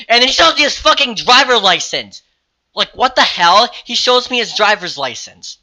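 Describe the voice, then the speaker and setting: A teenage boy telling a story to camera in a casual, rambling way, swearing freely and getting excited. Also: very high-pitched, moderate pace. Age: teens. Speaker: vlogger.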